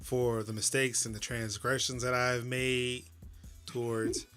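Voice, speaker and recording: Bright joking man on a podcast. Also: medium pitch, flat delivery, measured pace, smooth, soft background music. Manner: joking, profane banter. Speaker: podcast co-host. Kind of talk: casual chat.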